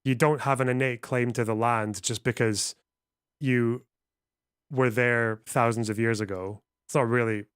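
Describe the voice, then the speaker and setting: A man's voice: medium pitch, steady tone, measured pace, clear, resonant tone, no room sound, clean studio sound. A man chatting casually on a live stream, rambling and swearing as he reacts to chat.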